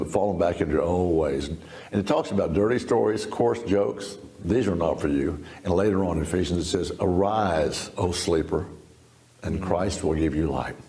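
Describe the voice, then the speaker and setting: An older man in his seventies with a low, gravelly voice tells his testimony as an interview guest. He speaks in a folksy, easygoing way and laughs now and then. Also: dark tone. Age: 70s. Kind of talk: storytelling testimony.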